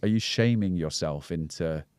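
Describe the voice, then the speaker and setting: A man's voice: deep voice, normal speed, darkish tone, smooth, no echo. A man with a Scouse accent, a podcast guest talking through breathwork and mindset in a reflective, explanatory way, with many fillers and restarts. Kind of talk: casual podcast conversation.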